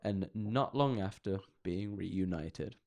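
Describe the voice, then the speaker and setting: A man's voice: low voice, slow pace, darkish tone. A man co-hosting a comedy podcast, reading internet stories aloud with jokes and lots of swearing. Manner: swears a lot, jokey, reads stories aloud. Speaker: podcast co-host. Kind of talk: casual comedic chat.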